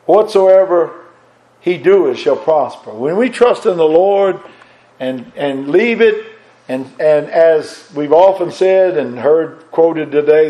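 A man preaching a sermon with a fervent, repetitive cadence, climbing higher and louder on emphatic points and dropping low and soft on reflective ones, with halting restarts. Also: highs cut off. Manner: rises in pitch and force on emphatic points, drops low and soft on reflective lines.

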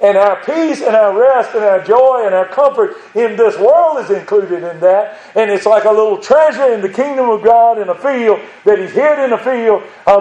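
A man's voice: high-pitched, dark tone, roomy sound, rough recording. An older man preaching a sermon in a folksy, earnest way, rising to pleading emphasis.

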